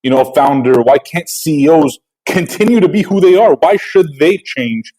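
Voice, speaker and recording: A man's voice: a little high, expressive, moderate pace, dark tone, low-quality recording. A man hosting a podcast interview, talking things through in a conversational, questioning way with many fillers. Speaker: podcast host.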